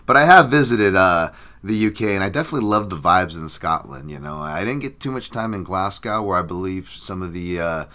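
Man, podcast host, low voice, bright edge, rambling, filler-heavy, casual chat. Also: expressive, a little fast.

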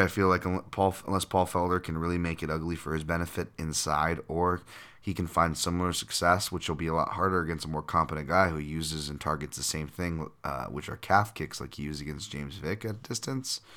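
Very deep yet pushed and bright, this man's voice carries his casual solo podcast. As a fight analyst he thinks out loud, piling up fillers and restarts, with a chuckle slipping out from time to time.

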